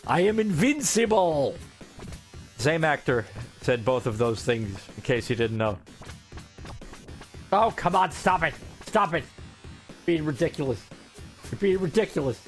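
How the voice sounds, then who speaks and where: A young man giving casual, joking gameplay commentary, excitable and swearing freely, with game music faint behind him. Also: fairly high pitch, normal speed, long pauses. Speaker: gaming streamer.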